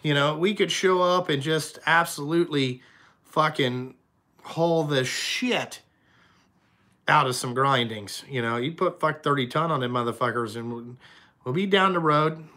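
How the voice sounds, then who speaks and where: A man's voice: fairly high pitch, unhurried, sharp tone. A young man, the owner of a trucking company, chatting casually and profanely on a live stream and answering viewers' questions.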